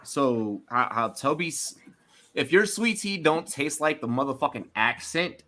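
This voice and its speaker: A man's voice: mid-range voice, expressive, unhurried, fairly bright tone. A man hosting a sports podcast in a loose, swearing, tipsy banter style. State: tipsy from drinking. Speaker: podcast host. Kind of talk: loose casual chat, profane.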